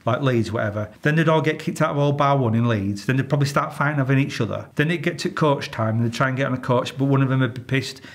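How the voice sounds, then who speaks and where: A man's voice: mid-range voice, fast, hardly any pauses. A man with a Yorkshire accent, a retired police officer telling stories in an interview, blunt and exasperated, swearing freely. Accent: Yorkshire English. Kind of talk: candid interview storytelling.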